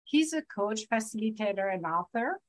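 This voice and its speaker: A woman hosting a podcast, bubbly and excitable, laughing often as she introduces her guest. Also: mid-range voice, moderate pace. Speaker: podcast host. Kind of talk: casual interview chat.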